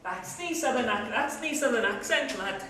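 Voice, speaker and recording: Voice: medium pitch, animated, moderate pace, background noise, natural voice. An actor playing a male recruiting clerk who was once a music-hall comedian, stammering and repeating his jokes on a live stage. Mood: brisk, joking. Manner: stammering, joke-telling, repeats phrases. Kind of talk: live amateur stage acting. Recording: echoey hall recording from far off.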